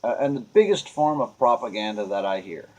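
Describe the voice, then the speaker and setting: A man's voice: medium pitch, expressive, a little fast, darkish tone, lo-fi sound. A man venting in a casual monologue, rambling and earnest, often restarting his sentences. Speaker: vlogger.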